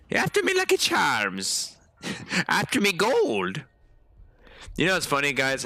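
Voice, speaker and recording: Lively, bright-voiced man streaming a game. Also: a little high, no echo. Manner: chatty, swears often, talks to chat viewers. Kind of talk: live gameplay commentary.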